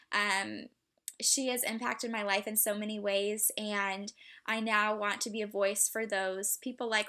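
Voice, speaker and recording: A woman's voice: medium pitch, sharp tone. A young woman telling a heartfelt personal story, emotional and full of fillers like "um" and "like.". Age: young adult. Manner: emotional, many fillers and restarts. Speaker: student speaker.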